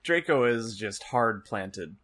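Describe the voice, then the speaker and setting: A man's voice: on the low side, animated, slow, a bit bright. A man co-hosting a podcast, chatting casually in a laughing, self-deprecating way. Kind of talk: casual chat.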